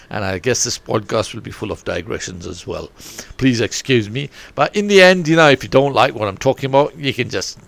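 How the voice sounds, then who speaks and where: A middle-aged coach hosts his own podcast from his bedroom, talking in a loose, digressive, animated way with the odd mild curse. His voice is mid-pitched with a gravelly edge. The sound is dry and close, with no room echo. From Zambia. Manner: digressive, animated, mildly swearing. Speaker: podcast host and football coach. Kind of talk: rambling solo podcast chat. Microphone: home setup, no studio.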